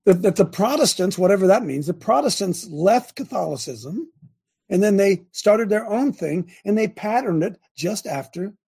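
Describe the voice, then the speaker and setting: A man's voice: sits high, gravelly, darkish tone, husky. An older man hosting a show, preaching in a fervent, rambling way full of restarts. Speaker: host and preacher. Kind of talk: preachy livestream talk.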